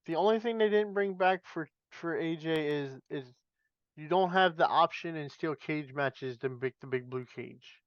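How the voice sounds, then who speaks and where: Podcast host guy, smooth kinda high voice, chatty about wrestling, dry dull mic sound. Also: dry recording. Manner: leads questions, laughs easily. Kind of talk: casual wrestling chat.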